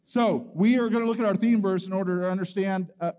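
A man with a fairly high voice preaches to a young crowd, telling his story with lively acted-out bits and sudden shouts. His voice rings through a big, echoing hall, and the sound is a little dull. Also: fast. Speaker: camp speaker. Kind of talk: youth sermon with personal story.

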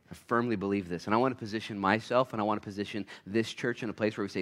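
A man pastor giving a sermon in church, swinging between quiet asides and loud, fired-up preaching. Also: fairly low pitch, fairly even intonation, very fast, few pauses. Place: church sanctuary.

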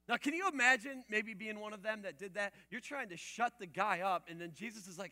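A male preacher with a high, bright, ringing voice delivers a sermon. He keeps it chatty, throwing questions at the listeners, then drops to quiet asides before building to loud, emphatic bursts. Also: brisk, hardly any pauses. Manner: conversational, asks the audience questions.

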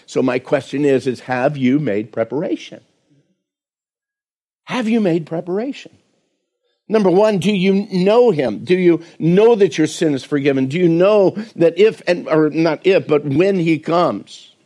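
Earnest preaching man, asking the congregation. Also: on the high side. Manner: earnest preaching with rhetorical questions; recites hymn lyrics in a slower, softer voice. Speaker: pastor. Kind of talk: sermon.

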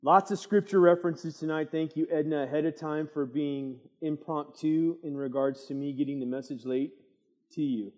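A middle-aged man teaching a midweek church Bible study, preaching in a lively way and drawing amens from the room. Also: on the high side. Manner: lively preaching with call-and-response asides. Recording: long church hall reverb.

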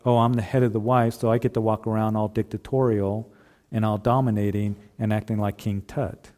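A man preaches an earnest sermon in a mellow, dark voice at a middling pitch. He talks straight to the husbands, circling back and repeating his phrases as he goes. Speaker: pastor.

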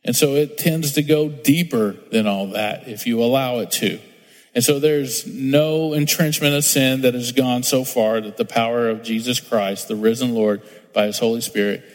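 A middle-aged man preaches to his congregation, talking casually and telling personal stories, often slipping into quoted voices. His voice sits at an ordinary middle pitch, and the sound rings with the long reverb of a large hall. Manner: storytelling with acted-out quotes, conversational. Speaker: pastor. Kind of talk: sermon. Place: church sanctuary.

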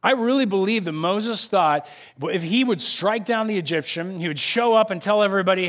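A male pastor from the United States, preaching an animated sermon and acting out the voices of the people he quotes. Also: high-pitched, fairly quick.

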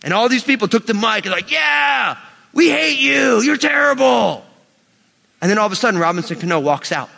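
High-pitched, bright-voiced male pastor preaching. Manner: animated, emphatic preaching with sudden rises and drops. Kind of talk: sermon. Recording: long hall reverb.

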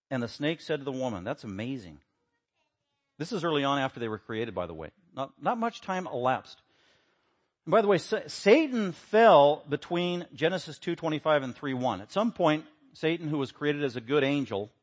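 A man preaching a sermon, emphatic, building to loud rhetorical questions. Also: medium pitch. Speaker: pastor.

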